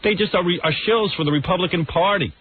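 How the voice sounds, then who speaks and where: Loud mouthed new radio guy ranting, kinda high voice, tinny old radio sound. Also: fast, a little hiss or hum. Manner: brash, combative ranting. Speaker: radio show host. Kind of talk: radio rant. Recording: tinny phone-like radio recording.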